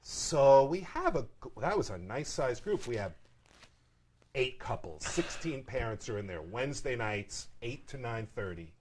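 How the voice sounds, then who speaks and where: A middle-aged man telling a family story, animated and playful. His pitch swoops widely as he acts out the people in it, and his tone stays conversational. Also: measured pace. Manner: animated, jumps into voices for characters. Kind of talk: casual storytelling.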